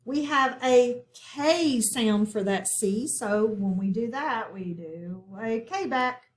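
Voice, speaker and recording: A woman's voice: fairly high pitch, takes it slowly. A woman teaching a recorded phonics lesson, patient and checking in often with her listeners.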